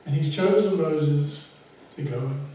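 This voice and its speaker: A male pastor preaching a sermon with a conversational, self-deprecating manner, sometimes rising to loud emphasis. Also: fairly high pitch, measured pace, very echoey, distant mic, a little hiss or hum, low-quality recording. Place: church sanctuary.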